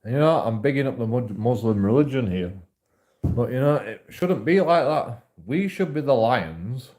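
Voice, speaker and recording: A man's voice: medium pitch, lively intonation, normal speed, darkish tone. A man rambling through a profane monologue to camera, repeating himself often. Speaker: vlogger.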